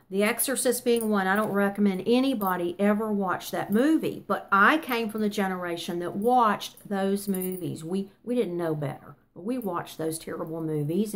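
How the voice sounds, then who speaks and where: An older woman in her sixties teaching a Bible study in an earnest, emphatic way, with fillers and self-corrections along the way. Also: mid-range voice.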